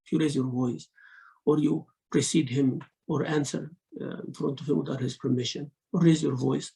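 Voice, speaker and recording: This religious lesson features a sheikh explaining Quran commentary; his male voice is gravelly, fairly high and mellow, with fairly even intonation. He recites verses quickly in Arabic before explaining them in English, acting out rude versus polite speech, all on a low-quality recording.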